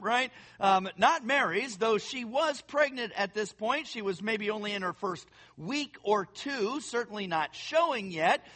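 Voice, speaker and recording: A man preaching a sermon, reading scripture aloud and talking to his listeners in a conversational, animated way. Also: very high voice. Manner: conversational, addresses listeners as friends; animated, puts on quoted voices while reading. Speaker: pastor.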